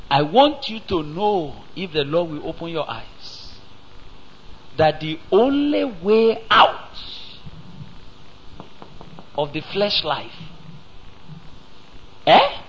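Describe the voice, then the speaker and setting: A man with a Nigerian English accent preaching a sermon, slow and emphatic, asking the congregation rhetorical questions and breaking into sudden loud rises. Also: fairly high pitch, a little hiss or hum, poor audio.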